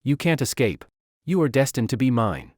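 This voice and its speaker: A man's voice: mid-range voice, very animated, moderate pace, darkish tone, no echo, clean studio sound. A man voicing an obsessive, lovestruck young woman with fire powers, talking in a clingy, possessive way. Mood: cold. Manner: clingy, pleading then coldly possessive.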